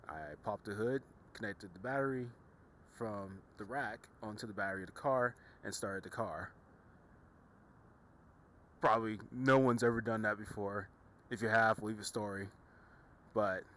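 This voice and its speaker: A man's voice: lowish voice, fairly bright tone, slight background noise. A young man talking casually to his camera, rambling and often correcting himself, sounding tired. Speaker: YouTuber. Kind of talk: casual vlog monologue.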